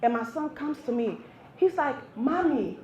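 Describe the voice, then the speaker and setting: A woman doing a stand-up comedy set in a live cafe, animated and talking straight to the crowd. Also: high voice, moderate pace, muffled recording. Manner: animated, talks to the crowd, playful teasing. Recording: roomy live venue sound.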